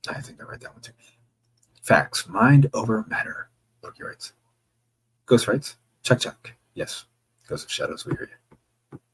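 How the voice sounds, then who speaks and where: A man's voice: mid-range voice, animated, a little slow, long pauses, fairly bright tone, slightly rough, rough recording. A man streaming live, reading viewer chat messages aloud and answering them in a casual, joking way with the odd swear word. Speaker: livestreamer.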